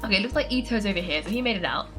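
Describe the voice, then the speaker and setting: A woman's voice: mid-range voice, lively intonation, racing, music in the background. A woman hosting a let's-play, giving casual, playful commentary and laughing often as she reacts to the game. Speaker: gameplay host.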